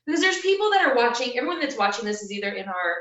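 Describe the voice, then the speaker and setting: A woman's voice: a little high, very animated, very fast, a bit bright. A woman interviewing a guest in a chatty, casual way, steering the conversation. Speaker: interviewer and trainer. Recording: echoey, distant, dull sound.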